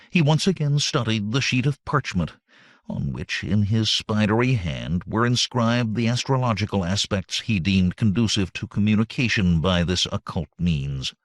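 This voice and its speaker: Deep-voiced male audiobook narrator. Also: dry recording, studio quality.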